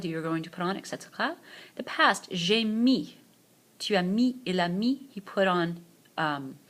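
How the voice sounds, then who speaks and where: A woman French teacher giving a screencast grammar lesson, explaining patiently and modelling phrases slowly for repetition. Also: on the low side, a bit bright. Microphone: voice-over on a tablet screencast.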